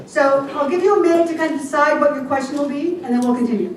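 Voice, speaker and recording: A woman's voice: high-pitched, fast talker. An older woman hosting a group game, reading out the rules in a playful way. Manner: playful, reads rules aloud. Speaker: event host. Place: large hall with an audience. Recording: echoey hall from far off, crowd noise.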